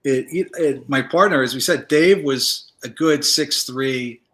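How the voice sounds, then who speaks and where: A man, a former federal agent, telling stories in a casual interview, relaxed and rambling with many fillers. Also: mid-range voice, a little slow.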